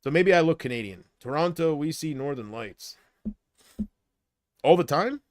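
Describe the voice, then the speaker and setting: A man's voice: fairly high pitch, expressive, moderate pace, no room sound, clean studio sound. A man on a casual livestream, rambling and unsure, drifting between thoughts while he answers viewer comments. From United States.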